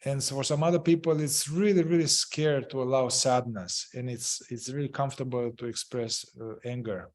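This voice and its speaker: A man leading a group, explaining a therapy method, halting and searching for words, often repeating phrases. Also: medium pitch, steady tone, a little mellow. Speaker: group facilitator.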